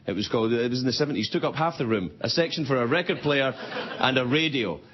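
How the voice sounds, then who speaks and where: A man's voice: medium pitch, quick pace. A middle-aged man from Scotland, hosting a late-night show and telling rambling, self-mocking stories in a comedy monologue. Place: TV studio before a live audience. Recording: dull TV recording with loud audience.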